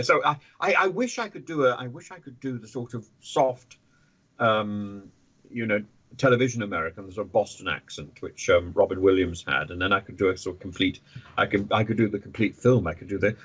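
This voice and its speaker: A man talking as a podcast guest, animated, often stammering and restarting his sentences. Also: fairly low pitch, a little fast. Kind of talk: conversational podcast interview.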